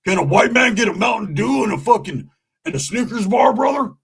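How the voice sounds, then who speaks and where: A man voicing a loud, brash white man who swaggers and keeps calling people brother. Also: high voice, lively intonation, husky, voice pushed up, exaggerated voice. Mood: belligerent. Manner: swaggering, belligerent, drawn-out "brother".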